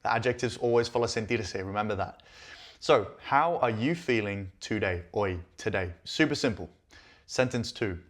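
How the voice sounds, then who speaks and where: A man's voice: lowish voice, normal speed. A man hosting a Spanish lesson, explaining each line and checking in with listeners often. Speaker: Spanish teacher and channel host. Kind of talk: language lesson.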